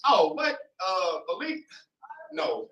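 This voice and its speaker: A man's voice: sits high, big pitch swings, takes it slowly, creaky, a bit bright, exaggerated voice. A man voicing a frightened, protective mother who pleads and denies in a raised voice, in a roomy hall picked up from afar. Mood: dismissive. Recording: roomy hall, mic far off.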